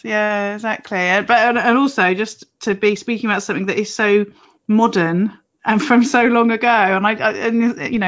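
A woman's voice: medium pitch, fairly bright tone, lo-fi sound. A woman in her late forties, hosting an interview, speaking reflectively and laughing easily. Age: late 40s. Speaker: interviewer, podcast host. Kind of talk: casual interview chat.

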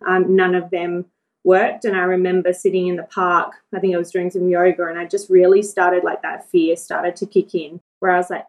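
A woman, talking in a lower register. She tells her story in a relaxed, chatty way, laughs often and slips into the voices of the people she quotes. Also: poor audio. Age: 40s. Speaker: guest. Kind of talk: casual storytelling interview.

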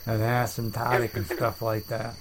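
A man hosting a comedic chat show, rambling deadpan and making up silly words. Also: mid-range voice, moderate pace, a loud crowd, rough recording. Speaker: podcast host.

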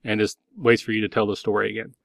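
A man's voice: on the low side, flat delivery, fast talker, creaky, fairly bright tone, no room sound. A man narrating a tabletop game as game master, loose and rambling with many fillers.

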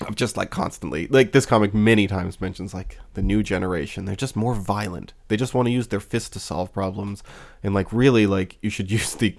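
A man's voice: deep voice, vocal fry. A man co-hosting a podcast, rambling in casual chat with many fillers and wry laughs. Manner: rambling, lots of fillers and restarts. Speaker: podcast co-host.

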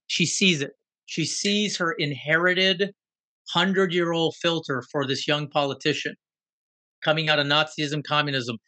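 Bright, animated male storyteller. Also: on the high side, dry recording. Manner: animated, rhetorical questions. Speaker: guest. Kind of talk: conversational storytelling.

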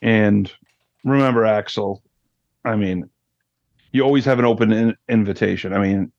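A man's voice: lowish voice, moderate pace, dry recording. Joking man on muffled podcast audio. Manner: joking, relaxed. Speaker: podcast co-host. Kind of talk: casual TV recap chat.

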